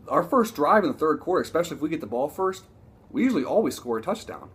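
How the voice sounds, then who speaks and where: A man ranting casually about his football team, profane and excitable, rambling with frequent restarts. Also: a little high, fast talker, husky. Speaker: sports vlogger. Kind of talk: casual sports rant.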